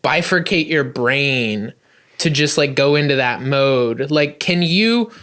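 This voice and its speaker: A man's voice: medium pitch, takes it slowly, clear, resonant tone. Chatty man hosting a podcast. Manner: animated, leans on "like" as filler. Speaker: podcast host. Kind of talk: casual conversation.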